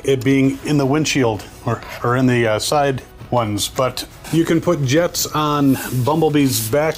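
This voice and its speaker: A man hosting a casual toy review, thinking aloud with enthusiasm as he handles the figures. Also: medium pitch.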